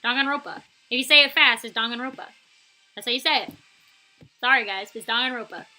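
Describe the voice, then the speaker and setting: A woman's voice: a little high, fast talker, pushed and bright, a little hiss or hum, low-quality recording. A young woman from New York with a light New York accent and a touch of Boston, chatting casually and laughing often on an art live stream.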